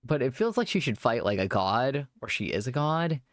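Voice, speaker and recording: A man's voice: mid-range voice, big pitch swings, normal speed, dry recording, studio quality. A man chatting casually on a live stream, rambling at length and thanking viewers as they follow.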